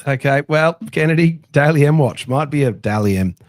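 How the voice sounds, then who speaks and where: An Australian man hosting a casual sports podcast, telling an animated anecdote in a chatty way. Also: on the high side, brisk, no room sound, clean studio sound. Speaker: podcast host.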